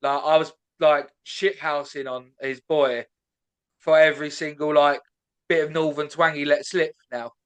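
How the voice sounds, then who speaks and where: British male podcast host, smooth and clear voice, a bit high, playfully challenging. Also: little pitch movement, unhurried, a bit bright. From Britain. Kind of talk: casual chat.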